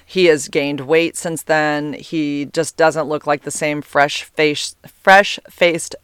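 A woman hosting a podcast, telling a story in an animated, chatty way and retelling conversations. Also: deep voice, takes it slowly, smooth, no room sound, clean studio sound. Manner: animated, retells texts and calls, laughs often. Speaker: podcast host. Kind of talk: casual storytelling.

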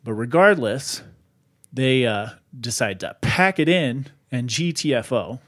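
A man casually retelling a paranormal story on a podcast, animated and full of fillers. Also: mid-range voice, unhurried. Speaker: podcast host.

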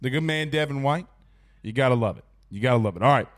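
A man's voice: mid-range voice, fast talker. A man hosting a casual live sports talk show, reading out viewer comments in a loose, chatty way while fighting the hiccups.

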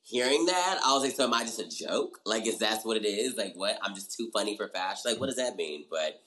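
A man's voice: on the low side, expressive, brisk, bright, forceful tone, low-quality recording. A young man as an interview guest, animatedly telling his story and acting out his own past reactions. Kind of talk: casual interview chat.

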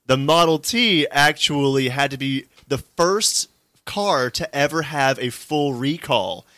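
A man's voice: fairly high pitch, slow, pushed and bright, no echo. A man co-hosting a podcast, chatting casually with playful quips. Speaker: podcast co-host. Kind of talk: casual chat.

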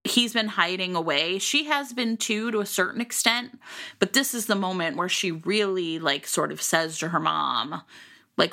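A woman co-hosting a podcast, chatting casually about a book in an animated, rambling way with lots of fillers. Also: fairly low pitch, moderate pace. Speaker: podcast co-host. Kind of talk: casual book-discussion chat.

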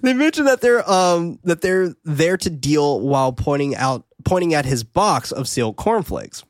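Animated man recapping a film, lots of laughter. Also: a little high, moderate pace, no room sound, studio quality. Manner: animated, laughs often, swears freely. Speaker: podcast co-host recapping a film. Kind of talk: casual movie recap chat.

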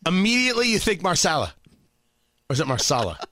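A man's voice: high voice, fast. A man hosting a talk radio show, opinionated and sarcastic, bantering and joking in the studio. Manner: animated, sarcastic, jokey.

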